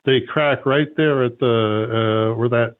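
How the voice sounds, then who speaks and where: A man's voice: medium pitch, fairly even intonation, slow, clean tone. A man hosting a call-in show, explaining things at length with many fillers. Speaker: host. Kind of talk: call-in radio talk. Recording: phone-like narrow sound.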